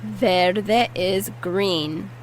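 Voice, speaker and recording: In a very slow, mid-range voice, a woman teaches Spanish vocabulary, patiently repeating words and walking through how each is pronounced. The recording is rough, with a little hiss or hum.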